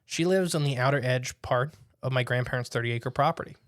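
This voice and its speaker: A man's voice: mid-range voice, fairly quick, dry recording, clean studio sound. A young man hosting a casual podcast, telling stories with animation and reading listener accounts aloud. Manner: animated storyteller, laughs while telling. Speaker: podcast host.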